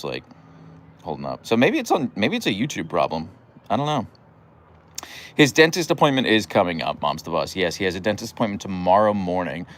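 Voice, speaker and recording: A dog owner with a deep voice carrying a little hiss or hum streams from his home deck beside his huskies. The young man rambles chattily through stories and responds to viewers' comments, with many fillers and restarts.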